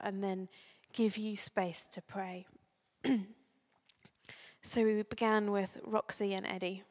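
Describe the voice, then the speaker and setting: A woman calmly leading a congregation in prayer, measured and gentle. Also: medium pitch, long reverb tail. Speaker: prayer leader.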